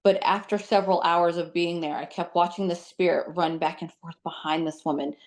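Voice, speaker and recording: A woman with a fairly low voice tells stories as an interview guest. Her delivery is chatty and animated, with plenty of "like" and "um" fillers. She speaks as a psychic medium sharing her experiences. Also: fairly quick. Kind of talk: casual storytelling in an interview.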